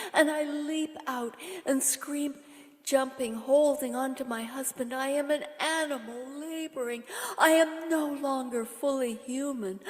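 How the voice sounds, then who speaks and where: A woman's voice: high-pitched, long reverb tail. A woman poet giving an intense, rhythmic reading of her own poem, often dropping to a whisper. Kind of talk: dramatic poetry reading. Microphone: online reading setup.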